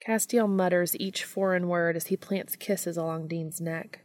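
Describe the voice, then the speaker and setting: A woman reading fan fiction aloud in a calm, even storytelling manner. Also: lowish voice, a little slow, hardly any pauses, no room sound, clean studio sound. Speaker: podcast reader.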